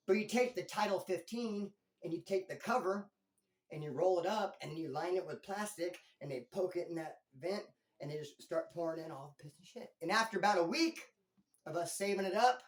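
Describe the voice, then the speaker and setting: A man casually telling a story from his time in prison, slangy and animated, jumping between loud emphasis and low asides. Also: fairly quick. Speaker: former inmate storyteller. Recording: roomy echo.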